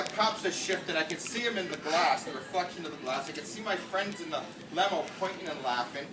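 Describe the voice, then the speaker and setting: A man's voice: on the high side, fairly quick, few pauses. A middle-aged man with a New England accent doing self-mocking stand-up storytelling at a meet-and-greet on a ship, heard from a far camera. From United States. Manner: brash, self-mocking, punchline-driven. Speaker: stand-up comedian. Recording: roomy, distant camera audio with noise. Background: audience laughter.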